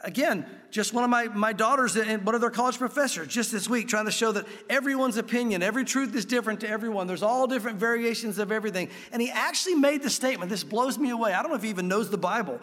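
A middle-aged male pastor preaches in a casual, emphatic way and leans hard on key words. His voice sits high for a man. The sound rings with the long reverb of a large church hall. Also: quick pace, hardly any pauses. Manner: emphatic, conversational preaching with sudden loud peaks. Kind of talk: sermon. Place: church sanctuary.

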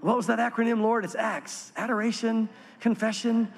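A man preaching a sermon as pastor, earnest and swinging from animated to hushed. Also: very high-pitched, normal speed, vocal fry, big-room sound.

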